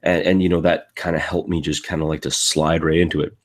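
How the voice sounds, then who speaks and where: A man's voice: rumbling low, flat delivery, a little fast. A tired man on a live panel, talking casually in a rambling way with many fillers and restarts.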